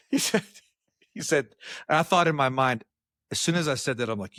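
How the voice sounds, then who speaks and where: A man co-hosting a podcast, telling workplace stories in casual chat and acting out the quotes with big jumps in pitch. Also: moderate pace, pauses often, no room sound, clean studio sound. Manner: animated storyteller, acts out quotes with jumps in pitch. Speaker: podcast co-host.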